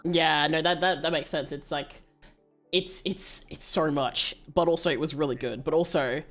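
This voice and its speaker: A woman hosts a loose, chatty stream conversation and laughs easily between her remarks. Her voice sits low for a woman. Quiet music runs faintly underneath. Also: steady tone, normal speed. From Australia. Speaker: streamer host. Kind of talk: casual chat.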